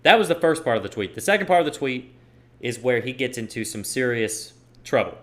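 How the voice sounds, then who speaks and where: A man hosts a solo podcast, speaking at an ordinary middle pitch. He delivers opinionated commentary and hammers his points home by repeating them. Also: animated, fairly quick, a bit bright. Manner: emphatic, repeats points for stress. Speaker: podcast host.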